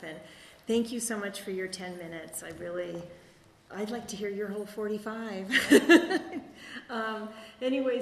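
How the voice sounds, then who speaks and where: A middle-aged woman speaking to a recovery group, halting and rambling with many ums, laughing at herself as she shares her story. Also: medium pitch, a little hiss or hum. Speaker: speaker sharing at a recovery meeting. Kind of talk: personal testimony to a group. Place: meeting hall. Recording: echoey hall, faint room ambience.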